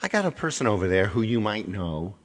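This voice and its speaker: A deep, low-pitched middle-aged man hosts a casual livestream. He chats along with viewers, trips over his words and restarts often, and wags a mock-stern finger at anyone who yells out requests. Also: big pitch swings, a little fast. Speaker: livestream host and singer.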